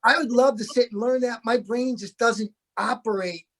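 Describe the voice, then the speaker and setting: A man's voice: extremely high pitch, steady tone, normal speed, fairly bright tone. A middle-aged man, an actor being interviewed, talking in a rambling, good-humored way with many restarts. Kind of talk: casual interview chat.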